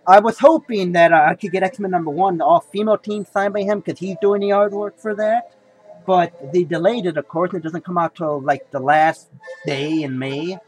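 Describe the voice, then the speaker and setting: Young male vlogger, high voice, rambling casual delivery, faint music under. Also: steady tone, normal speed, low-quality recording. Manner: rambling, repeats himself, says "folks" and "you know". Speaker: comic collector vlogger. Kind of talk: casual haul video talk.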